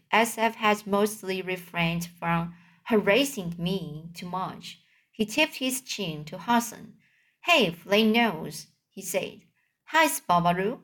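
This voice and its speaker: A woman's voice: mid-range voice, fairly bright tone. A woman reading a novel aloud, carefully, now and then correcting herself. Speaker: audiobook reader.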